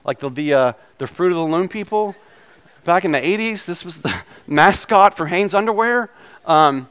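A male pastor giving a conversational sermon, his voice slightly hoarse from a recent illness, with casual asides in his preaching. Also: fairly high pitch, expressive, normal speed, fairly bright tone.

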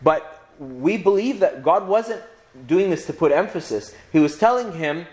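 A man's voice: on the high side, lively intonation, moderate pace, darkish tone. A man, a priest, giving a conversational Bible teaching, with many restarts and frequent "right?" asides to his listeners.

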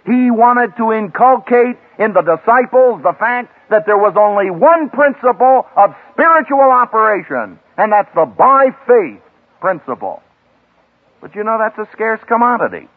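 A man preaching with dramatic emphasis, his fairly high voice leaping up and dropping low for effect. It comes through a thin, tinny archival radio recording. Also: animated, moderate pace. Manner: dramatic, emphatic delivery with wide swings in pitch and loudness. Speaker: seminary professor preaching. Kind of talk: sermon to a graduating class.

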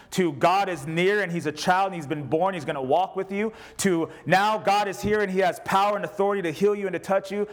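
Lively, joking preacher man. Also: sits high. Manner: preaching with humor, reading scripture aloud. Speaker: pastor. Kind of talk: sermon. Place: church service with congregation.

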